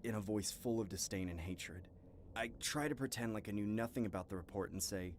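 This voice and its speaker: A man reading scary stories aloud in first person at a steady pace, with a few asides of his own. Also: fairly low pitch, fairly quick, a little hiss or hum. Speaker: horror story narrator. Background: faint music.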